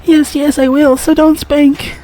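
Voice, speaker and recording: A man's voice: extremely high pitch, level tone, a little slow, warm tone, faint music behind, pitched above the performer's own voice. A man voicing a clingy, flustered young bandit girl in an adult game, with whiny, panicky protests. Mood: pleading.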